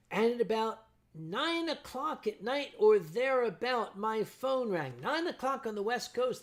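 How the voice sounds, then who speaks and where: Animated sardonic man telling a story. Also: sits high. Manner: animated, acts out his own shouting. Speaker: livestream host. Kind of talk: casual storytelling to a chat.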